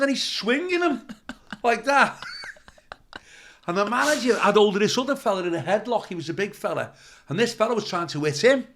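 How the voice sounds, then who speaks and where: A man's voice: high voice, fairly bright tone. A male comedian telling rambling anecdotes as a podcast guest, swearing freely. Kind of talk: storytelling in a podcast interview.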